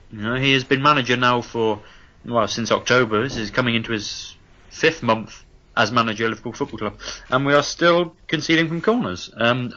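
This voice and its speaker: A man co-hosting a comedy football podcast, playing a deadpan, overly polite and formal phone-in presenter. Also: mid-range voice, muffled recording. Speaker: podcast co-host.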